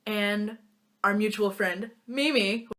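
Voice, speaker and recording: In a small lamp-lit room, a young woman vlogger tells stories to her phone camera in a relaxed, playful way, doing silly voices for her friends' lines. Her voice is mid-range and fairly bright, and she takes her time.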